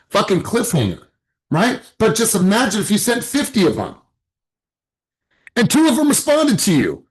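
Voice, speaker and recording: A man's voice: high voice, huge pitch swings, moderate pace, long pauses. A man leading a motivational sales coaching session over a video call, emphatic and exhorting, with occasional swearing.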